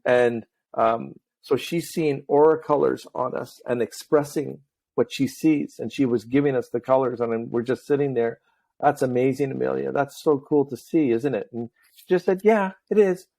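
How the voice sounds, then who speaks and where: Middle-aged male podcast host, chatty and animated, relaxed conversational delivery. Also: medium pitch, normal speed, gravelly. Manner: talkative, animated storyteller. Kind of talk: casual chat.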